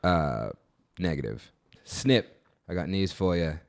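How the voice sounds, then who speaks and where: Man as a low-voiced, lively, cursing farmhand gangster. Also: takes it slowly, vocal fry, full character voice. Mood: blustering. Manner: profane, blustering, mocking. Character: foul-mouthed rural British gangster, pig farmer.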